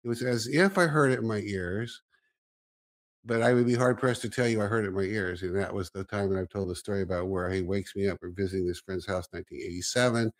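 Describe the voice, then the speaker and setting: Earnest man thinking out loud. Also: fairly low pitch, quick pace. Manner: earnest, thinking aloud with restarts. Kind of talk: casual conversation.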